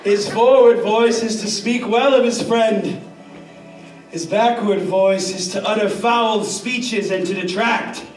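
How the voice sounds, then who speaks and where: A man's voice: high voice, takes it slowly, soft background music. A man playing a swaggering, tipsy butler on stage, boisterous and blustering, recorded from a distance in an echoey hall. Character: drunken swaggering male butler, adult. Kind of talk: live stage acting.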